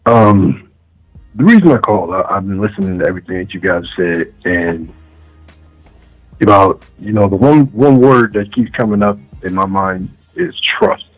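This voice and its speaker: A man calling in to a talk radio show, a little hoarse, speaking earnestly and often asking "you see what I'm saying". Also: deep voice, normal speed, faint music behind. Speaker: caller. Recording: dull lo-fi phone call.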